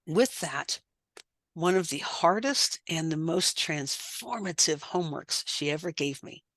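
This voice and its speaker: Earnest woman, low voice, dry sound. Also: fairly bright tone, dry recording. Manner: earnest, repeats phrases for emphasis. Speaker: guest, life coach. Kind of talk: candid personal testimony.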